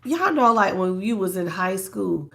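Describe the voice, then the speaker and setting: A woman's voice: mid-range voice, expressive, unhurried, vocal fry, a bit bright. Blunt, preachy woman doing a live tarot reading. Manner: blunt, preachy, slangy, greets chat viewers. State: stuffed up. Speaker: tarot reader.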